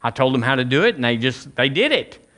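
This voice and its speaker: A man's voice: mid-range voice, very animated, fairly quick, fairly bright tone. A man preaching a sermon, talking conversationally to the congregation and asking them questions, often restarting and repeating phrases. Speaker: pastor.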